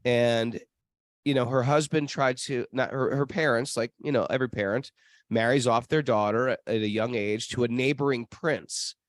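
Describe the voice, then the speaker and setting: Animated rambling male podcast host. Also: mid-range voice, normal speed, no room sound. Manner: rambling, animated, many restarts and fillers. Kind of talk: casual storytelling chat. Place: travel spot near temples.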